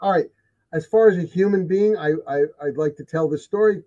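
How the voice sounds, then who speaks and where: A man tells his stories in an emphatic, repetitive way, leaning on key phrases. His voice sits a little high for a man. The recording is dull and lo-fi. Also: brisk, warm tone. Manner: emphatic storyteller, repeats himself. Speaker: guest telling of sightings. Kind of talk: casual conversation. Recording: dull lo-fi sound.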